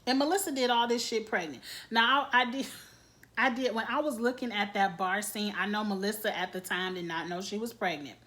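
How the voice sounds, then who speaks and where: A woman hosting a casual reality TV recap vlog, talking in an animated, gossipy way and laughing often. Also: mid-range voice, brisk.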